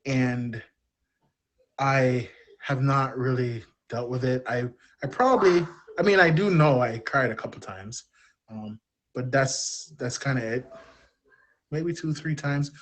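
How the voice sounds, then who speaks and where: A man's voice: mid-range voice, unhurried. Candid man telling a personal story. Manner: open, self-deprecating, rambling. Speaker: podcast guest.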